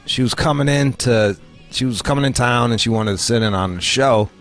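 A man's voice: mid-range voice, brisk, fairly bright tone, faint music behind. A man from Michigan hosting a podcast, telling stories in rambling, profane casual banter. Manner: rambling, profane, restarts a lot. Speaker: podcast host.

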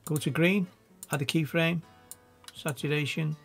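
A man with a Scouse accent giving a casual, chatty software tutorial, thinking aloud as he works. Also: on the high side, fairly even intonation, a little slow, vocal fry, faint music behind. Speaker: video editing tutor.

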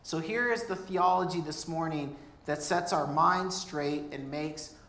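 A man's voice: on the high side, unhurried, a bit bright. A man preaching a sermon as pastor, earnest and conversational, with humorous asides. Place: church. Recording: echoey church room.

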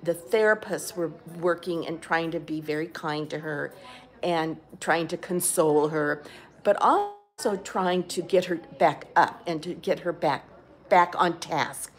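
Older woman, low-voiced, rambling candidly. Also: a little slow, faint music behind. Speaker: vlogger. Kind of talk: casual personal video diary. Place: rehab facility.

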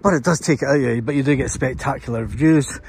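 Scottish man, travel vlogger, out of breath, walking outdoors, clear background noise. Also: medium pitch, fast, a little mellow. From Scotland. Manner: chatty, pointing things out while walking uphill. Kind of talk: walking tour commentary. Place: outdoors on a hilltop castle.

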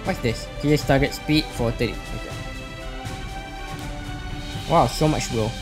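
A man's voice: medium pitch, a little slow. A man hosting a let's play, reading story text aloud and making casual comments as he hesitates over his choices. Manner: hesitant, with frequent ums. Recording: faint background music.

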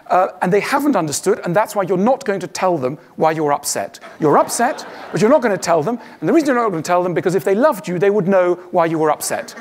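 A man's voice: high voice, a little hiss or hum. A man giving a witty stage talk to an audience, acting out the voices he quotes. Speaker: public speaker.

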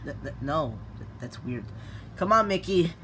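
A storyteller narrating a toy adventure in a playful, lively way. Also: mid-range voice, moderate pace, slight background noise. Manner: lively, playful, grunting with effort while climbing. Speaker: storyteller playing with toys.

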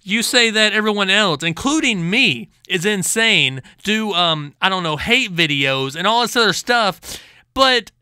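A man's voice: sits high, lively intonation, a little slow, pushed and bright, smooth, no echo, studio quality. A man hosting a commentary vlog, ranting in an exasperated, sarcastic way with lots of stammering restarts. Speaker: channel host.

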